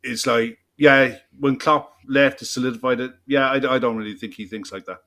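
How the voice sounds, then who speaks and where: A man's voice: medium pitch, steady tone, normal speed, fairly bright tone. A man co-hosting a football podcast, talking bluntly and emphatically and swearing freely in casual chat. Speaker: podcast co-host.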